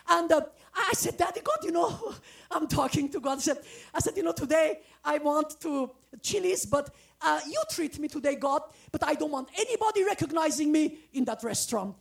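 A woman from the former Soviet Union preaching a testimony sermon, exuberant and earnest, often breaking into shouts and sung phrases. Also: high voice, vocal fry. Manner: earnest, pleading exhortation. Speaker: guest preacher.

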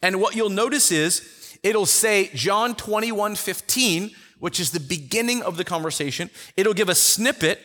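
A man teaching a Bible study in a conversational way, telling the story with lively acted-out quotes. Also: high-pitched, normal speed, big-room sound. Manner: animated storyteller who acts out the quotes.

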